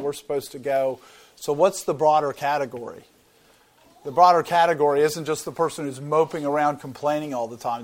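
Earnest man teaching a Bible sermon. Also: medium pitch. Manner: earnest, explanatory, repeats words while thinking. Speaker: preacher.

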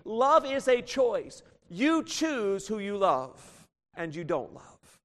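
A man's voice: sits high, takes it slowly. A man preaching a sermon, teaching from scripture and acting out the voices of the people he quotes. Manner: animated, acts out quoted voices. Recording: long reverb of a hall.

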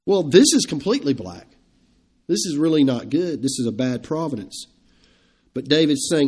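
A man giving an evening sermon in a somewhat high-pitched voice. He preaches conversationally, with emphatic swells and questions to his listeners. He chuckles now and then between points. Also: very animated, moderate pace, darkish tone, breathy edge. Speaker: pastor.

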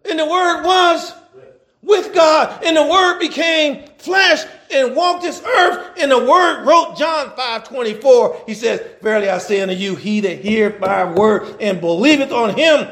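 Very high-pitched fervent male preacher. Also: fairly bright tone. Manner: fervent, calls out to the congregation, drawn-out scripture reading; conversational asides with chuckles. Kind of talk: sermon.

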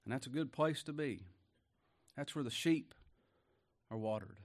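Man, folksy preacher with a chuckle, tag questions to the pews. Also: lively intonation. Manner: bursts into high exclaims; slow scripture reading in King James wording. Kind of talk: folksy sermon.

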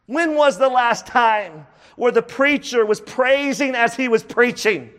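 Emphatic high-voiced preacher in a hall. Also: male voice, a little slow, a bit bright. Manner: emphatic, rhetorical questions, repeats phrases. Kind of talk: sermon.

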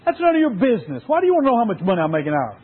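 A man's voice: high voice, wildly swooping pitch, rapid-fire, husky, pitched above the performer's own voice, heavily acted. A man preaching voices a tired, irritated father who snaps at his young son. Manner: snapping, exasperated. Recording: tinny phone-like sound.

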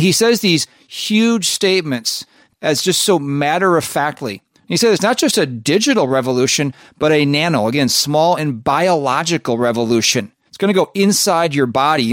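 Man, show host, skeptical commentary, rhetorical questions, somewhat high voice, dry sound. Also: no echo. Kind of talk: commentary on played clips.

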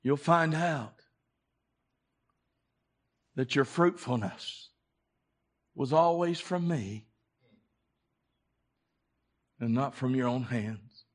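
A man's voice: mid-range voice, takes it slowly, long pauses. A man preaching a sermon as pastor, speaking straight to his congregation and repeating his phrases with growing passion. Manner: impassioned, repetitive preaching; addresses the congregation directly.

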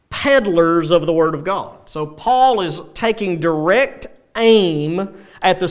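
A male pastor preaching a sermon, animated, with dry sarcastic asides. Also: sits high.

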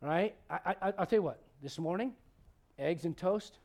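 Man, pastor, high-pitched voice, conversational sermon, humorous, loud emphasis then quiet asides. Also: normal speed. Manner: humorous, asks the congregation questions.

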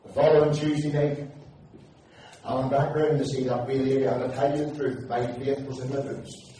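A man's voice: mid-range voice, flat delivery, moderate pace, warm tone, slight background noise. A man preaching a testimony sermon, telling the story with fervor and folksy asides. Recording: echoey hall, distant mic.

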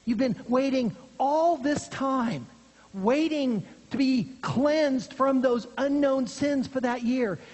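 A preacher giving an earnest expository sermon, dropping low and quiet for emphasis, recorded in a church sanctuary. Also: takes it slowly. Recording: long hall reverb.

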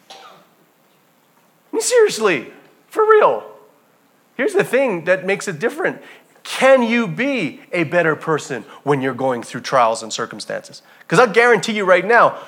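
A man preaching a sermon as pastor, telling stories with animated energy and addressing the congregation as family. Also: a little high.

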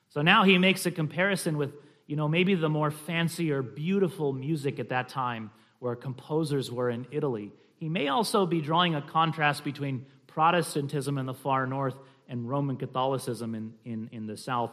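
A man's voice: on the high side, normal speed, a bit bright. A man teaching a church class on family worship, talking in a conversational, explanatory way with frequent restarts and fillers.

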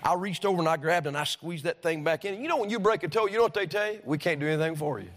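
A high-pitched man preaches a sermon in a church sanctuary, spinning homespun stories that rise into fervent exhortation. His voice carries a long hall reverb around it. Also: fast, a bit bright, a little hiss or hum. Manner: folksy storytelling, rising to fervent preaching. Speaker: pastor.

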